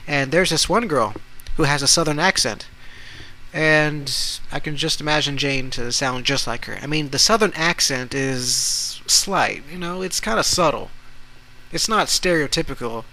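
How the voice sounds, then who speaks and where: A young man hosting a casual solo podcast, talking haltingly with many restarts. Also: mid-range voice, bright, forceful tone, poor audio. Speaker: podcast host.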